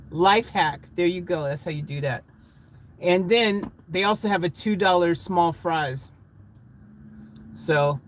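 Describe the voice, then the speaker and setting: Guy with a high voice vlogging in his van, chatty, bit of road noise behind. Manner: chatty, laughs, excited bursts. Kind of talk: casual live vlog chat with viewers.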